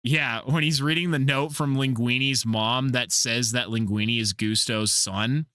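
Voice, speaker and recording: A man's voice: medium pitch, steady tone, measured pace, bright, forceful tone, smooth, dry recording, studio quality. A man hosting a casual podcast, telling rambling stories and swearing freely. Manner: profane, rambling storyteller. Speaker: podcast host.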